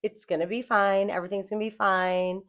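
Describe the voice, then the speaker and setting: Casual female co-host, middle-aged, animated storyteller, plays out the voices. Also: mid-range voice, a little fast, dull audio. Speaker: podcast co-host.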